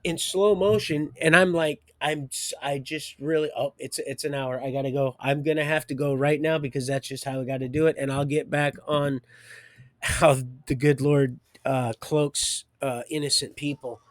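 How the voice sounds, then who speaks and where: Middle-aged man, rambling life-story teller, halting delivery, dry close mic, medium pitch. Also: flat delivery, dry recording. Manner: halting, many restarts, swings from quiet to loud. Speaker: livestream storyteller.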